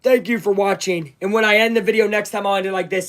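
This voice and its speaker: Young male streamer, live play-by-play, bright, forceful voice, talks right to his viewers. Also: high-pitched, steady tone, quick pace, few pauses. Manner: hyped, talks straight to viewers. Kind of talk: excited live fan commentary.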